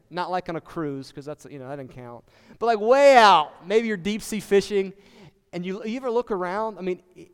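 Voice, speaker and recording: A pastor delivers a sermon in a high, clean-toned voice trailed by long reverb. He keeps it conversational, putting questions to his congregation.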